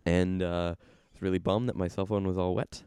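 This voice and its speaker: A man's voice: low-pitched, flat delivery, moderate pace, warm tone, smooth, dry recording, clean studio sound. A young man chatting casually, telling a rambling story and laughing at himself as he goes. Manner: rambling, self-amused storytelling. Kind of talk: casual chat.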